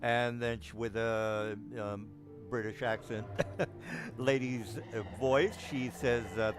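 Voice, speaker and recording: Speaking slowly at a medium pitch and in a level tone, a man serves as game master narrating a tabletop game while music plays in the background. His delivery is halting, packed with fillers and restarted sentences.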